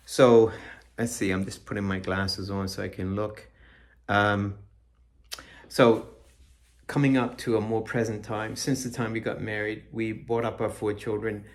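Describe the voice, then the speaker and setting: Earnest man with a gravelly low voice. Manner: earnest, halting, many restarts and fillers; reads scripture aloud. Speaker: Christian speaker giving his testimony. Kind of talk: personal testimony, reflective talk.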